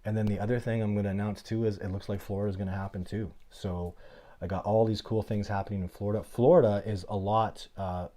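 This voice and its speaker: A middle-aged man hosting a casual live Q&A, telling stories in an animated, blunt, plainspoken way. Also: fairly low pitch, fast. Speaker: host of a livestream Q&A.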